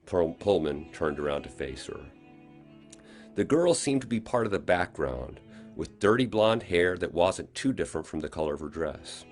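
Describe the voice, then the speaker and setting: A man, the author, reading his own novel aloud in expressive audiobook narration. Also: low voice, moderate pace, faint music behind. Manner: expressive storytelling.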